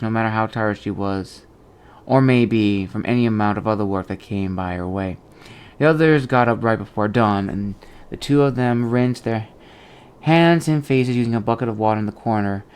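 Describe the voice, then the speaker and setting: A man reads a fantasy novel aloud for his book channel. His voice is lowish and smooth, and his delivery stays steady and measured, with the odd slip and restart.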